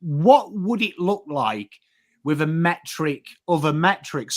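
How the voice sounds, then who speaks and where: An English man co-hosting a casual football chat, animated and rambling, often restarting his sentences. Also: a little high. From England. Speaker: co-host.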